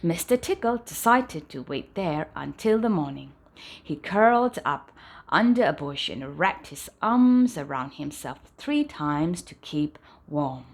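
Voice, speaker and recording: Woman reading a picture book at bedtime, lively intonation that sinks softly at sentence ends. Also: low voice, measured pace. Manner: animated storytelling, dropping softly at sentence ends. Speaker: storybook reader. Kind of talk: bedtime storybook read-aloud.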